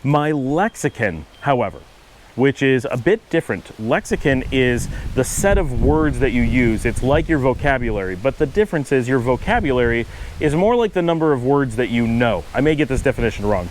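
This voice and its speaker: A man's voice: medium pitch, darkish tone, slight background noise, poor audio. Man, Buffalo accent, middle-aged, casual monologue, patient, wandering asides. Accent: Buffalo, New York. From Western New York, USA. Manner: rambling, self-correcting, explains patiently with asides. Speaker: channel host.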